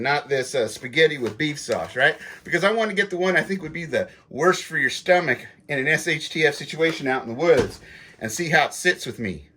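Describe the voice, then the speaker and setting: A middle-aged man with a high-pitched voice chats folksily through a casual food review vlog, addressing his viewers directly as he tastes. His tone is bright and a little sharp. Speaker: prepper channel host.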